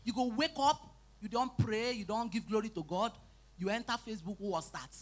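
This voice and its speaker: A woman with a Nigerian Pidgin accent doing live stand-up comedy, telling animated stories, shouting out acted lines and teasing the crowd. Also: on the high side, brisk. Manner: animated storytelling, bursts into shouting and acted quotes, teases the crowd. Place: live event stage.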